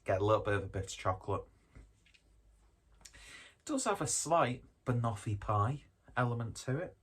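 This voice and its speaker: A man's voice: medium pitch, sing-song, normal speed, fairly bright tone, husky. A man reviewing a beer in a casual, rambling way, joking about himself and swearing now and then. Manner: rambling, jokey, self-deprecating, swears casually. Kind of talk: casual tasting chat.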